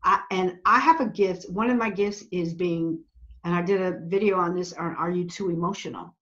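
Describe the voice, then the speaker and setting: A woman's voice: fairly low pitch, moderate pace, fairly bright tone. A woman guest on a podcast giving earnest, preacherly advice, stressing her points by repeating phrases. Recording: slightly dull lo-fi audio.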